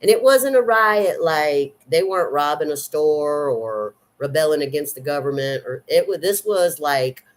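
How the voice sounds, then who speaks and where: A woman in her fifties with a Southern accent, chatting loosely to her vlog viewers and rambling through her thoughts with many pauses and fillers. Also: deep voice, animated. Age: 50s. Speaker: vlogger. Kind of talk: casual chat.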